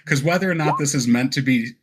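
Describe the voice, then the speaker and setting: A man narrating a tabletop game as game master, relaxed and descriptive, with frequent fillers and laughs. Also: medium pitch, fast talker, husky.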